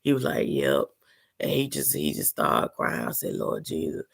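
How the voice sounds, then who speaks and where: A woman's voice: a bass voice, sing-song, moderate pace, creaky, a bit bright. A sick woman telling a personal story to her viewers in an earnest, emotional, casual way. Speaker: vlogger.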